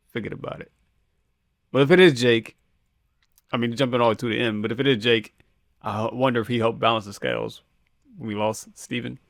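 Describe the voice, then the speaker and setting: Gravelly laid-back podcast man. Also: medium pitch, a bit bright. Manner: laid-back, laughs often, slangy. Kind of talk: casual chat.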